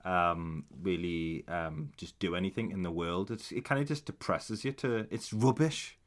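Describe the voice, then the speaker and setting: A man's voice: low-pitched, moderate pace. A man, co-hosting a casual comedy podcast, blunt and sweary in his jokes. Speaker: podcast co-host.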